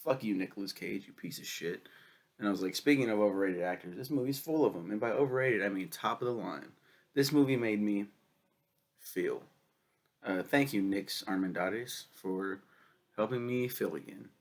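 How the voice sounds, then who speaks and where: A young man with a cold and a cough, casually reviewing a film, swearing a lot and rambling excitedly. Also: on the low side, moderate pace. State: sick with a cough.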